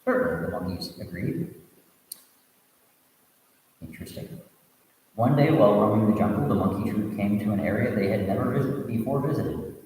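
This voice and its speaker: A low-voiced man reads a teaching story as a sermon, breaking off for asides and restarting lines. His voice comes from a distant mic in a room full of long, echoing reverb. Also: normal speed, long pauses, warm tone. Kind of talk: storytelling sermon reading a Buddhist tale.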